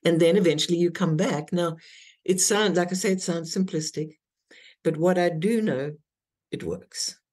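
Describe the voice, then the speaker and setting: A woman's voice: fairly low pitch, normal speed, a little mellow. A woman, a guest teacher, talking earnestly in an interview and explaining her ideas step by step. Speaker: guest, intimacy teacher and author. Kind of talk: interview conversation.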